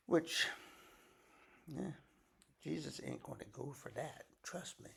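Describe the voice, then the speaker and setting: A man's voice: mid-range voice, slow, gravelly, husky. An older man, a grandfather, reading scripture aloud and breaking off for folksy, chatty asides to explain it. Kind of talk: bible reading with casual commentary.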